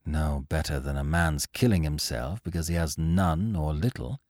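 Storybook role: a man doing a grim male spirit, murmuring low and sinister, dry close sound. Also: a little mellow, no room sound. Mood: sulky. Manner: sulky, sinister, drawn-out. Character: gloomy male spirit urging suicide, sly and grim.

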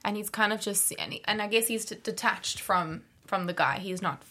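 A woman's voice: medium pitch, moderate pace, sharp tone. A woman in a casual TV recap chat who gives her opinions expressively. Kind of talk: casual chat about a TV episode.

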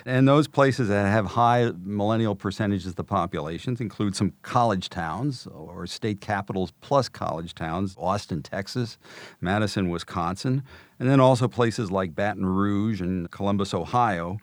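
Brief: middle-aged male researcher, low voice, dry studio, chatty explainer. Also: moderate pace, no echo. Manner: explains with numbers, frequent "you know" and "I mean" fillers. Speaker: demographer guest. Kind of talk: podcast interview answers.

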